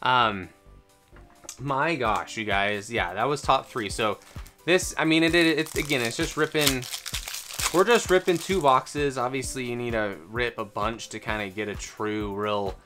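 A channel host giving excited unboxing commentary, gasping out exclamations and rattling off quick counts, the voice a little strained from excitement. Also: mid-range voice, faint music behind. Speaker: card-opening channel host.

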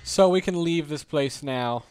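A man's voice: fairly high pitch, measured pace, darkish tone, clear, resonant tone, faint music behind. A man giving casual, jokey commentary while playing a video game, grumbling at the levels. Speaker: let's play host.

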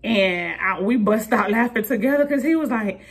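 A woman, chatting casually as a vlogger in an animated, storytelling way. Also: a little high, moderate pace, breathy edge. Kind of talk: casual vlog chat. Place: outdoors at a bus stop, vehicles passing.

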